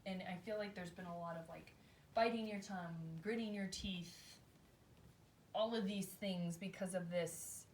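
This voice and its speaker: A woman's voice: mid-range voice, fairly even intonation, a little slow, darkish tone, a little hiss or hum. A woman giving a casual tarot reading, thinking aloud in a chatty, rambling way, often adding "like" and "right?". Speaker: tarot reader.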